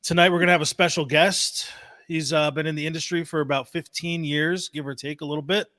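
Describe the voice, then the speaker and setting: A man's voice: a little high, fairly even intonation, fairly quick, sharp tone. A man hosting a casual podcast, bantering playfully with his co-hosts and introducing his guest. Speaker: podcast host.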